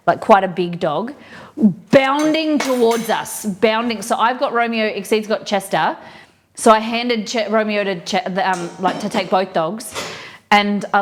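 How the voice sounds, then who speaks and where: A woman hosting a live cooking stream, chatting and rambling through stories with lots of fillers as she cooks. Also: mid-range voice. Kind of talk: casual chat while cooking. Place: home kitchen.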